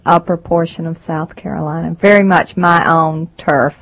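A woman with a Southern American accent, an author answering interview questions at an unhurried pace. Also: low voice, fairly even intonation, a bit bright, poor audio.

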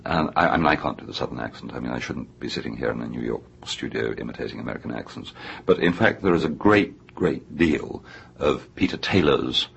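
A man's voice: very deep voice, a little fast, creaky, a bit bright, slightly rough. A middle-aged English man, an author being interviewed in a radio studio, talking in an erudite, discursive way with many hesitations. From England. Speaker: author guest. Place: New York radio studio.

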